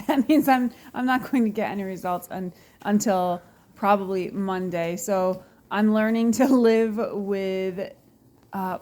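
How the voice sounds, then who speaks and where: A woman speaks directly to her viewers in a reflective, heartfelt way, pausing often and letting out soft sighs. Her voice sits in a middle pitch, and she talks at an unhurried pace. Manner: earnest, emotional, pausing with sighs and laughs. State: near tears. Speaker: wellness show host. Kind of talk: personal reflective talk to viewers.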